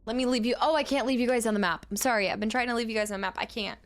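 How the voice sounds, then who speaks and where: A woman streaming a game, chatting casually with her viewers, laughing often and shouting during fights. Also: a little high, racing. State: out of breath. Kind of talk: casual live-stream gameplay chat.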